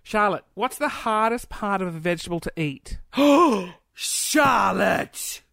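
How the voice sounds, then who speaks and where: Speaking a little fast in a mid-range voice that is slightly bright and smooth, this female livestream host sounds dry and clean, like a studio. She chats casually and playfully, reading out viewer comments between giggles, gasps and small asides.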